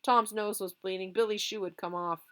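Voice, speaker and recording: Expressive woman reading a storybook aloud. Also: mid-range voice, normal speed, clean tone. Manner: lively, expressive. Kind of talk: reading a children's novel aloud.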